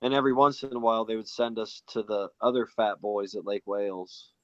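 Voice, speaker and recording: A man's voice: on the low side, fairly even intonation, a little fast, fairly bright tone, no room sound. Joking man, dull dry audio. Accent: American, with a put-on British voice at times. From England. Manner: joking, teasing, chatty. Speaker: show co-host. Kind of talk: casual chat.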